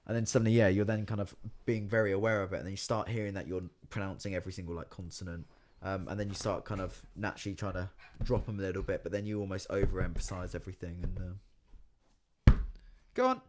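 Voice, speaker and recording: Young guy, deep voice, rambly podcast chat, bit of faint hiss. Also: steady tone, fast. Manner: rambling, lots of "kind of" and "like". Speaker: podcast guest. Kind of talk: casual chat.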